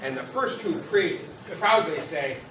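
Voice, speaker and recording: A man doing stand-up comedy at a social club, telling a long joke and swearing at a heckler in loud bursts. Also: on the high side, expressive, unhurried, distant mic, background noise. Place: social club stage, indoors. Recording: roomy hall heard from off-mic. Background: crowd laughing.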